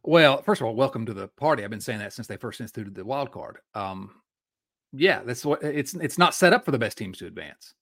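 A man co-hosting a casual sports podcast, working himself into an animated rant. His pitch swings widely from low grumbles to sudden high peaks, and he stumbles, restarts and circles back mid-sentence. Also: a little fast. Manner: animated, ranting, with frequent restarts. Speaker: podcast co-host.

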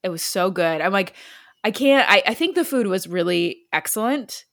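A woman's voice: medium pitch, animated. A woman co-hosting a casual comedy podcast, enthusiastic and giggly. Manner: giggly, enthusiastic, quick to react. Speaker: podcast co-host.

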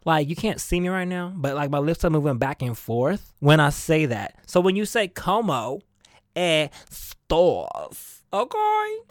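A man's voice: a little high, very animated, normal speed, few pauses, dry recording, clean studio sound. A man hosting his own podcast, chatting casually in a sassy, playful, diva-ish way and laughing often. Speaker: podcast host. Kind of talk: casual solo podcast chat.

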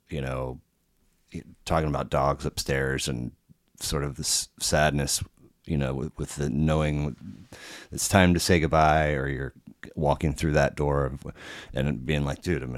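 A man's voice: extremely low pitch, no room sound, studio quality. A man talking as a podcast guest in a casual conversation, rambling and cursing freely, with many restarts.

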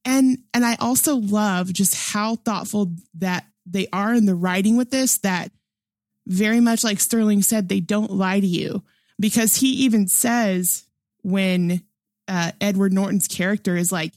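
A woman's voice: medium pitch, measured pace, a little mellow, dry recording, clean studio sound. A young adult woman chatting casually about a movie, enthusiastic and laughing often, with lots of fillers. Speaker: film discussion panelist. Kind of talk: casual film review chat.

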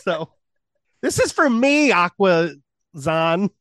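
A man's voice: sits high, very animated, slow, fairly bright tone, no room sound, studio quality. A man co-hosting a podcast in casual chat, making wry joking asides. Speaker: podcast co-host.

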